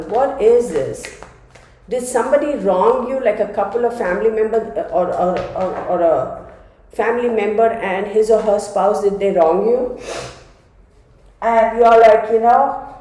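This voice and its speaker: A woman's voice: medium pitch, a little slow, pauses often, mellow, a little hiss or hum. A woman reading tarot cards to camera in a chatty, dramatic way, talking to her viewers while congested from a cold. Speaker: tarot reader. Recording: very echoey room.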